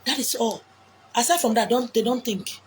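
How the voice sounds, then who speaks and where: A woman with a Nigerian Igbo accent giving blunt, forceful relationship advice outdoors, mixing English, Pidgin and Igbo. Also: fairly high pitch, normal speed. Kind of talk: outdoor monologue. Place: beach outdoors.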